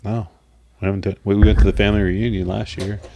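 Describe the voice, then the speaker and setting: Male podcast co-host, deep and gravelly, relaxed with halting interjections. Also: slight background noise. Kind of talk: casual chat.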